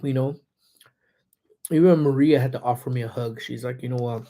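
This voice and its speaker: A man with a slightly hoarse throat, chatting casually on a livestream, greeting viewers by name and laughing often while parked in his car. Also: mid-range voice, normal speed, warm tone, a little hiss or hum. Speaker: livestreamer who also teaches classes. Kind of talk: casual livestream chat reading viewer comments.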